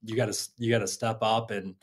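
Low-voiced agreeable man co-host. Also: little pitch movement, quick pace. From Kansas City area, United States. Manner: agreeable, often backs up with "right". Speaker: podcast co-host. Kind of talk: casual chat.

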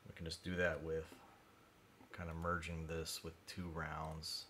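A man livestreaming his CAD design work, thinking aloud in a mumbly way that drifts quieter as he concentrates. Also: very deep voice, completely flat delivery, measured pace, a little hiss or hum.

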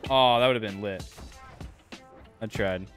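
A man streaming a video game, reacting excitedly to the action and chatting casually with his viewers. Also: on the low side, unhurried, faint music behind. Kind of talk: casual livestream commentary.

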